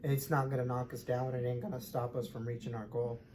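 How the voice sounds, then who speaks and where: An earnest young man chats from a hospital room, stumbling over and repeating his words as he goes. His voice sits at an ordinary middle pitch, with clear noise in the room around him. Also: little pitch movement, fast talker, a little mellow. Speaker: expectant father vlogger. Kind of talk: casual heartfelt chat.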